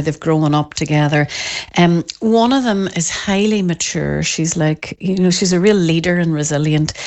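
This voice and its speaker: A woman, a parenting expert giving an interview, who talks in an animated way and often acts out parents' voices. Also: on the low side. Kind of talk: podcast interview.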